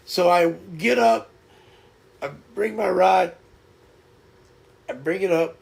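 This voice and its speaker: A man hosts a live stream and chats casually, laughing often as he tells his story. His voice sits high and is heavily gravelly with fry. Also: takes it slowly.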